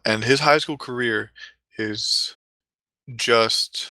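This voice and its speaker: A man's voice: mid-range voice, very slow, pushed and bright, no echo, poor audio. A man telling a comic story casually, rambling with offhand asides.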